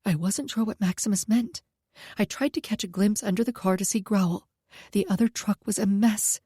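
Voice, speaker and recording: A woman reading a first-person story aloud at a steady pace, close to the mic. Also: medium pitch, moderate pace, breathy edge, no echo. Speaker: audiobook narrator.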